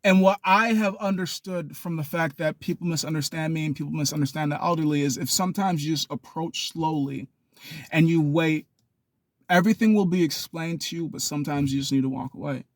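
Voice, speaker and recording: Young guy ranting on his vlog, kinda high voice, dry close sound, jumps into loud yelly bits. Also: a little fast, dry recording. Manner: animated, acts out yelling people with sudden high shouts. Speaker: vlogger. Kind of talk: rambling monologue vlog.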